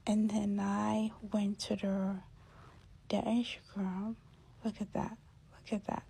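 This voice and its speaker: Slow, gravelly woman commentator. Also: mid-range voice, little pitch movement, mellow. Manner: indignant, drawn-out, drops to near-whispers. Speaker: commentary host. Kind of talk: casual reaction commentary.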